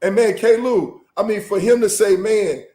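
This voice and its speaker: Excitable high-voiced man from South Florida. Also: moderate pace, echoey room. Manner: animated, exclaiming, joking. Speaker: co-host. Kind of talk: casual sports talk.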